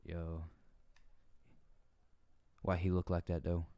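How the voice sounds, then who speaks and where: Laid-back male game streamer from the Southern US; low, smooth voice, joking commentary. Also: monotone, slow pace, dark tone, no echo. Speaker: gaming streamer. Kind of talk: casual gaming commentary.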